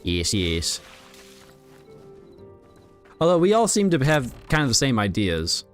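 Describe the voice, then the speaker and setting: A man chatting casually on a game livestream, rambling and relaxed as he talks to his viewers while playing. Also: mid-range voice, slow, soft background music. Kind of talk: casual gaming livestream chat.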